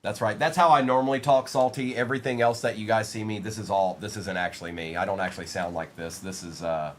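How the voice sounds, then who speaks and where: A man's voice: on the low side, fairly even intonation, fast talker, a little hiss or hum. A man hosting a live-streamed trading card break, reading out player names and bantering with the chat in a playful way.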